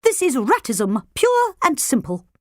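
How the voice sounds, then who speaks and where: A woman's voice: sits high, huge pitch swings, unhurried, darkish tone, no echo, clean studio sound, pitched above the performer's own voice, heavily acted. A woman voicing a fussy, proper talking pet rat who complains in a weak, tired voice. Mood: indignant.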